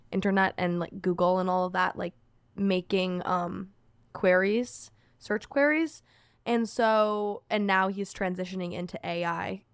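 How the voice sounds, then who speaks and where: A young woman co-hosting a podcast, relaxed and rambling, her talk dotted with casual swearing. Her voice sits mid-range, recorded dry and close with no echo. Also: mid-range voice, clean tone. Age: young adult. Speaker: podcast co-host. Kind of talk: casual chat.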